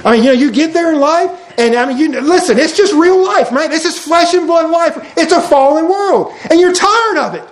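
A pastor preaching a sermon in an animated way, with folksy asides, swinging between loud declarations and hushed words. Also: male voice, very high voice, moderate pace, few pauses, reverberant, rough recording.

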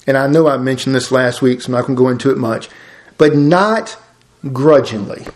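A man's voice: medium pitch, completely flat delivery, very fast, reverberant, poor audio. A man preaching a conversational, folksy sermon as a pastor.

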